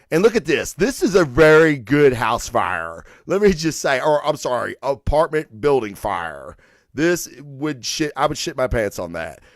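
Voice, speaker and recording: A man hosting a comic book show, chatting casually in an excitable, rambling way with plenty of swearing and filler words. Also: mid-range voice, dry recording, studio quality. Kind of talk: casual solo review chat.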